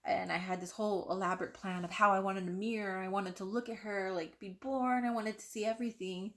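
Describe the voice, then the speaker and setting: A young woman recounting a personal story straight to the camera at home. Her pitch sits mid-range for a woman, and she leans into quoted dialogue with a lively, conversational delivery, peppered with "like". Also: a little fast. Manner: animated, acts out quoted voices, frequent "like". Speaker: vlogger.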